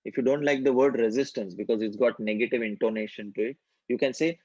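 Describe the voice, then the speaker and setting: A man leading an online group healing session, giving calm instructions and slowly repeating affirmations for the group to chant. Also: medium pitch, husky, no room sound, highs cut off. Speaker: workshop facilitator.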